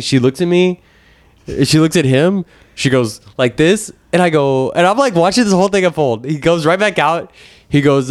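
Fast-talking man telling a story. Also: medium pitch, dry recording. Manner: animated retelling, acts out voices. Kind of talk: casual chat, storytelling.

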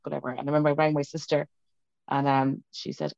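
Fast, gravelly woman telling her story. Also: deep voice, steady tone, dry recording, muffled recording. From Ireland. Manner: rambling, self-interrupting, tearful at moments. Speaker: interview guest. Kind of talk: emotional personal story. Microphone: video call.

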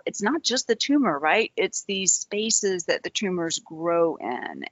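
A woman's voice: sits low, a bit bright, no room sound, muffled recording. A woman podcast co-host with a Southern American accent, talking in an upbeat, enthusiastic way and asking rhetorical questions. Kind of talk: casual podcast chat.

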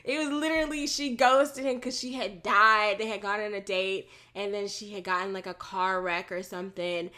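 A woman's voice: mid-range voice, steady tone, moderate pace, few pauses, bright, forceful tone. A woman, co-hosting a casual chat, talking loosely with many fillers and easy laughs. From Texas. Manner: chatty, frequent "like" and "um" fillers, laughs easily. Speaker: podcast co-host.

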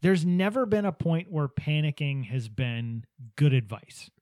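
Casting: man, mid-pitched mellow voice, storyteller who quotes others, dry close sound. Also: lively intonation, a little slow, no echo. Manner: anecdotal, laughs easily, acts out quotes. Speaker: podcast host, business owner. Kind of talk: casual chat, storytelling.

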